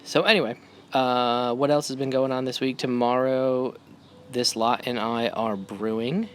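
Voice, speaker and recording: A man's voice: medium pitch, steady tone, measured pace, a bit bright, slight background noise. A man in his thirties, a homebrewing vlogger and dad, chatting casually in a loose, rambling, slightly tipsy way.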